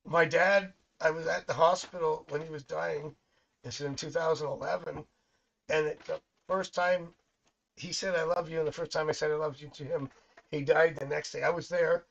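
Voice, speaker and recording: A talkative middle-aged man reads tarot cards live and drifts easily into stories about his family, laughing as he goes. His voice sits a little high for a man, and the stream audio sounds dull and lo-fi. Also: fairly even intonation, normal speed, gravelly, fairly bright tone. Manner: chatty and rambling, laughs often, tells family stories. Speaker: psychic tarot reader. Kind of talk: live-stream tarot reading, casual chat.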